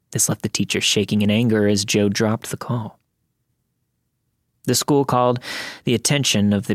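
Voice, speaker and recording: A man narrating a listener's true creepy story in the first person, with a measured, steady storytelling delivery. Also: lowish voice, no room sound, clean studio sound. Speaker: podcast narrator reading listener stories.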